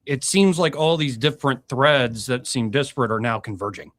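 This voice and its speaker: A man's voice: mid-range voice, moderate pace, a bit bright, no room sound. A man hosts a live radio talk show in a dry, close studio sound. He talks in a loose, rambling way, full of fillers and restarts.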